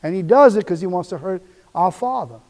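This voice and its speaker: A man's voice: high voice, expressive, brisk, darkish tone, long reverb tail. A man preaching a sermon as pastor, emphatic and repetitive, voicing quoted inner voices.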